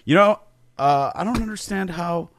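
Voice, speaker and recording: A man's voice: high voice, animated, normal speed, fairly bright tone, a little hiss or hum. A man who is a comedian guest on a podcast, making wry, sarcastic and self-pitying jokes. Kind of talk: casual comedy podcast banter.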